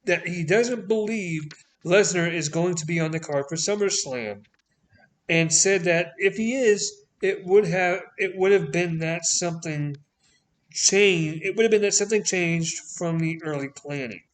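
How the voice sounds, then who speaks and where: A man's voice: high-pitched, a little slow. A man with a Canadian accent hosting a casual podcast, reading news items aloud with blunt, sweary, sarcastic asides. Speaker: podcast host.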